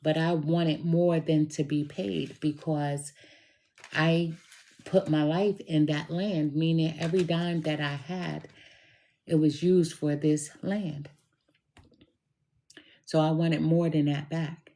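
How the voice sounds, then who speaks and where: Middle-aged woman, low mellow voice, unhurried storyteller talking straight to camera. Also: steady tone. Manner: slow, deliberate and emphatic, addresses listener directly. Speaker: tarot reader telling a personal story. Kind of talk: casual storytelling monologue.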